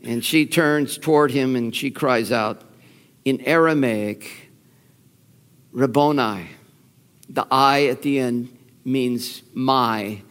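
A man's voice: mid-range voice, takes it slowly, clear, resonant tone. A man preaching a sermon, telling the story with feeling and acting out the quoted lines. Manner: animated storytelling, acts out quotes, laughs. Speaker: pastor. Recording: long reverb of a large hall.

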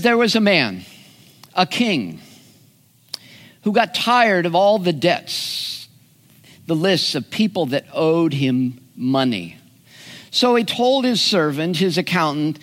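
A man preaches with a slightly raised pitch, taking his time over every phrase. He tells a parable folksily and acts out the characters' lines. His voice rings with the long reverb of a large hall. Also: sing-song, slow, pauses often, a bit bright. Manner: storytelling with acted voices, folksy asides. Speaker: pastor. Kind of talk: sermon.

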